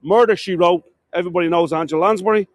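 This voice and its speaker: Walking outdoors through a city, an Irishman guides a live tour in rapid-fire speech, addressing viewers as "folks." He frequently trips over his words and corrects himself. His voice is high, and the recording is dry.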